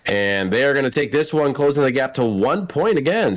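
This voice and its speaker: A man's voice: mid-range voice, expressive, brisk. Joking male esports commentator. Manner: joking, laughs often. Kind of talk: casual game commentary.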